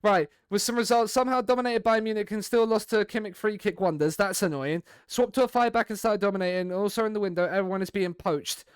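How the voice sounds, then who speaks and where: A young man with a high, smooth, clear voice rambles chattily to viewers while playing his game during a loose stream chat. He talks fast with few pauses, and the recording is dry and close with no room sound or echo.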